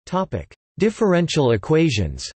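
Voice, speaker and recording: A male text-to-speech voice reading an encyclopedia article aloud, spelling out formula code letter by letter in a flat synthetic manner. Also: fairly high pitch, normal speed, breathy edge, no echo.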